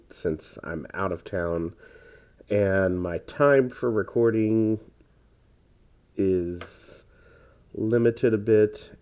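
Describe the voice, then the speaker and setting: Slow, deep-voiced tired gaming commentator. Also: male voice, warm tone. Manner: rambling, hesitant, many fillers. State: tired, yawning. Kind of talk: casual gameplay commentary.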